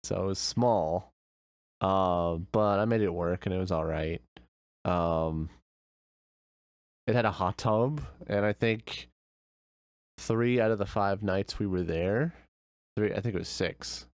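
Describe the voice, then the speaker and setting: A man's voice: low voice, slow, pauses often, no echo. A young man streamer telling a vacation story in casual, rambling chat with many fillers.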